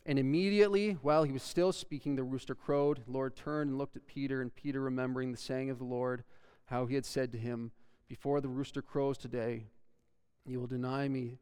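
Male pastor, sermon, smooth resonant voice, slightly high, long hall reverb. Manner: earnest preaching, reads scripture aloud with rising emphasis.

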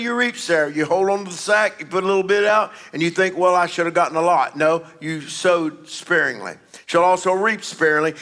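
Bright, high-voiced pastor preaching. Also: male voice. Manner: emphatic preaching with sudden drops to a low confiding voice. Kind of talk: sermon.

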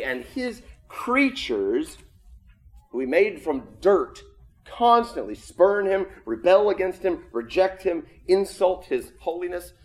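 Casting note: man, pastor delivering a sermon, slightly raised pitch, conversational and earnest, swings between loud emphasis and hushed tones. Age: adult with children.

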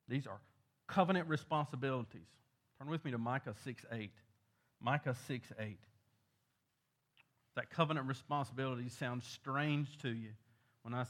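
A man's voice: fairly high pitch, a bit bright. Emphatic preacher man. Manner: emphatic preaching with rising volume on key points. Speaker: pastor. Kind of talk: sermon.

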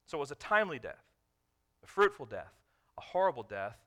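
A man preaching a sermon as a pastor, repeating key lines, asking the listeners questions, and swinging between loud emphasis and quiet, drawn-out phrases. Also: mid-range voice, sing-song.

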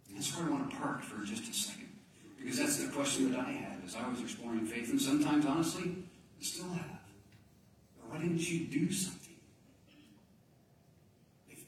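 A male pastor delivers a sermon in a mid-range voice at normal speed, recorded by a distant mic in a very roomy hall with faint ambience and slight background noise. His delivery is dynamic, swinging between loud emphasis and hushed near-whispers.

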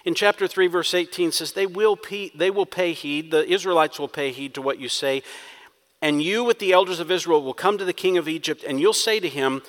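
A man's voice: a little high, a little fast, a bit bright. Preacher guy, dramatic, acts out the quotes, long reverb like a church. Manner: dramatic, voices quoted prayers with rising intensity. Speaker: pastor. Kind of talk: sermon.

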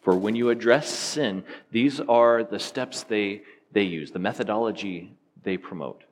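A man's voice: on the low side, unhurried, slight background noise. A man preaching a sermon, teaching in an earnest, emphatic way and asking rhetorical questions.

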